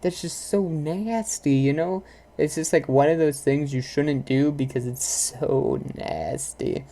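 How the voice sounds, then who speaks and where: A woman's voice: very deep voice, steady tone, measured pace, dark tone. A young woman vlogger ranting live about pet peeves, exasperated and rambling, full of "like" and "if you know what I'm saying". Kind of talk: live casual rant to viewers.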